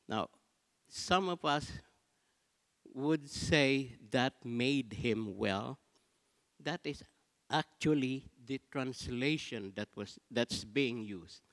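A man preaching a sermon as pastor, slow and dramatic, with big swings between soft and loud. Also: on the high side. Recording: long reverb of a large hall.

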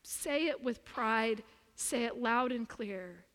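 Woman pastor, high voice, emphatic repetitive sermon delivery, long reverb of a big sanctuary. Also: slow pace, a bit bright. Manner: earnest, emphatic preaching with repetition. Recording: long reverb of a large room.

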